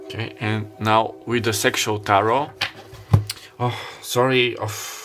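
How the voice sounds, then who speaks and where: A man doing a casual tarot card reading to camera. He talks in a halting way, with many fillers and self-corrections. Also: lowish voice, flat delivery, over music. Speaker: tarot reader. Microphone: camera mic.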